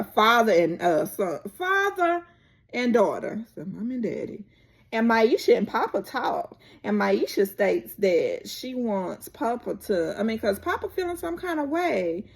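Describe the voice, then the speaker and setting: A woman vlogger recaps a TV episode in a chatty, unhurried way. Her pitch swings widely as she tells the story, and her voice carries a gravelly edge. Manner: chatty, animated, drawn-out storytelling.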